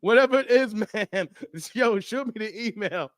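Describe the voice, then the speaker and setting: A man's voice: high voice, lively intonation, unhurried, a bit bright, no echo, clean studio sound. A man hosting a casual live stream, joking loosely with his chat and laughing often. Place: Las Vegas.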